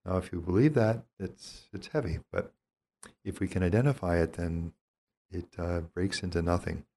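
Deep-voiced priest teaching calmly. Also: male voice, moderate pace, slight background noise. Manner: calm, reflective, reading from his journal. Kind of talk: spiritual teaching talk.

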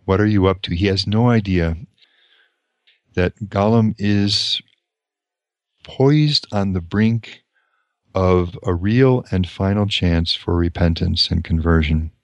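A man reading a novel aloud and stopping to comment on it, in a deliberate and reflective way. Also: sits low, no room sound. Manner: deliberate and reflective, pausing to explain. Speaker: lecturer.

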